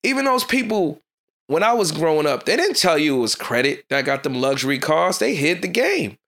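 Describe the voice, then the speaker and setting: A man hosting his own podcast, giving a fast, fired-up motivational talk in a casual street style. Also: on the high side, big pitch swings, a bit bright. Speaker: podcast host.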